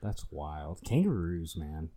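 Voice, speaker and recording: A man's voice: extremely low pitch, very animated, slow pace, warm tone. A man co-hosting a casual podcast chat, joking and teasing. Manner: joking, teasing, laughs often. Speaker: podcast co-host.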